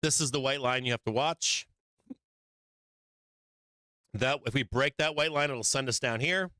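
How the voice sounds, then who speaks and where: A man's voice: mid-range voice, unhurried, sharp tone, no echo. A man hosting a live stock market show, giving blunt and profane trading commentary with frequent emphatic swearing and laughs between points.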